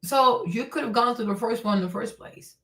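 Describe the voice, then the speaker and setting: Indignant woman host, fairly high-pitched, blunt, salty-tongued, in a roomy echo. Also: a little fast, a bit bright, far from the mic. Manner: indignant, blunt and profane, with rhetorical questions. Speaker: streamer and commentator. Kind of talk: livestream commentary. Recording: echoey room.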